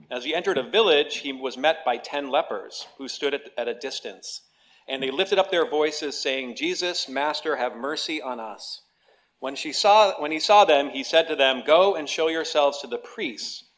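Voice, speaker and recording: Male pastor, mid-pitched, chatty storyteller from the pulpit. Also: fairly bright tone. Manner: conversational preaching with restarts and emphatic storytelling. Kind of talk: sermon.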